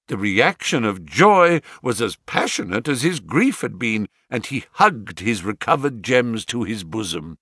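Male narrator, expressive storyteller, animated pitch, dry booth sound. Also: a little slow, hardly any pauses, slightly rough, dry recording. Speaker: audiobook narrator. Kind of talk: scripted narration.

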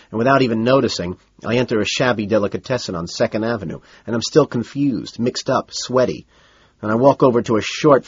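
A man narrates a first-person audiobook in a cool, detached deadpan. His husky voice still rises and falls with lively pitch. The recording is dry and a little dull. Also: no echo.

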